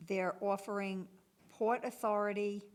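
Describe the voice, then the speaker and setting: A woman's voice: medium pitch, a little slow. Businesslike woman reading out bid prices. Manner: steady, businesslike listing of item codes and prices. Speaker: municipal clerk reading out bids. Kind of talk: reading bid prices aloud at a public bid opening.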